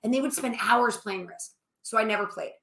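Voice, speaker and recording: A woman's voice: a little high, brisk, a bit bright. A woman co-hosting a casual chat show with her husband, rambling through long stories in a chatty way. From New Orleans area. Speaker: co-host, wife of the host. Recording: echoey room.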